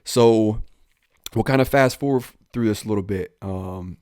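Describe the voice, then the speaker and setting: A young adult man, a police officer, telling his own life story in an animated way, jumping up in pitch when he quotes people. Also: unhurried, dry recording, studio quality. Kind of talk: personal storytelling in a podcast talk.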